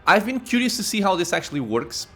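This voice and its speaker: A man's voice: high voice, big pitch swings, fast talker, fairly bright tone, soft background music. A man giving casual gameplay commentary as a let's play host, thinking aloud with many "uh"s and laughing at himself.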